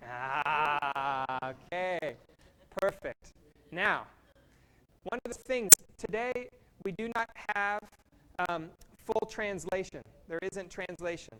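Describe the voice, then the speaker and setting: Playful workshop leader from kansas, slow and clear, mid pitch, hyping up the group. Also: slight background noise. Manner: energetic and playful, paced slowly for the room. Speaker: workshop facilitator. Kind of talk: interactive workshop facilitation.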